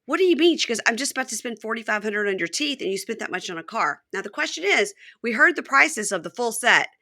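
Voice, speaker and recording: Bright-voiced woman recapping TV gossip. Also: on the high side, quick pace. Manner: acts out quoted lines in animated voices, swears casually. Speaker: podcast host. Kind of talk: casual chat recapping a reality show.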